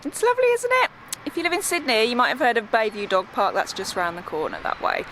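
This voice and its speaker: A woman's voice: medium pitch, sing-song, fast talker, pushed and bright, slight background noise. A woman vlogging casually as a pet sitter, chatting to the camera and cooing playfully at the pets. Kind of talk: casual vlog chat.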